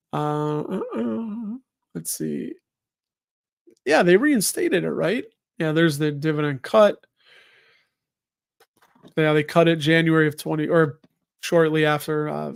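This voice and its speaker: Middle-aged guy hosting a live stream, kinda high voice, rambles and talks to himself as he goes. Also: gravelly. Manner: rambling, thinks aloud, breaks off mid-sentence. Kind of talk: casual live stream chat.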